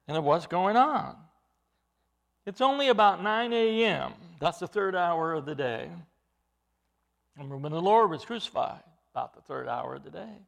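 A man preaching an expository sermon, emphatic, with his voice rising into loud bursts. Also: sits high, lively intonation, normal speed, vocal fry.

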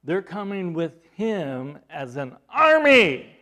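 A man preaching a sermon, asking the congregation rhetorical questions and swinging from loud emphasis to hushed, low delivery. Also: sing-song, slow. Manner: repeats words and restarts, rhetorical questions. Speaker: pastor.

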